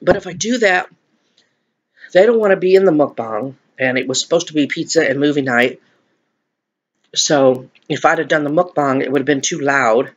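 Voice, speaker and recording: Eating on camera for his vlog, a middle-aged man chats with viewers in a rambling, laughing mukbang style. He speaks at a moderate pace with a fairly high pitch.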